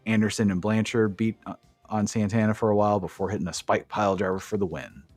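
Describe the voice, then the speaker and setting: A lower-pitched man talks through a match recap with a casual, profane enthusiasm, jumping into play-by-play. His voice sits close and dry on the mic, with faint music somewhere underneath. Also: fairly even intonation, fast talker, darkish tone, dry recording. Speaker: podcast co-host.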